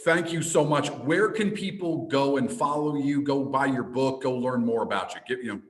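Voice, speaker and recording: A man's voice: mid-range voice, normal speed, reverberant. A man hosting a podcast, upbeat and friendly as he wraps up an interview. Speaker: podcast host. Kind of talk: casual interview chat.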